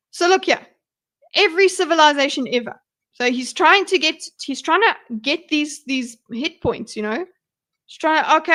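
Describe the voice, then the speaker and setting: A woman's voice: high voice, a bit bright. A woman hosting a livestream, reacting to a debate in blunt, exasperated commentary full of swearing. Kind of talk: casual commentary.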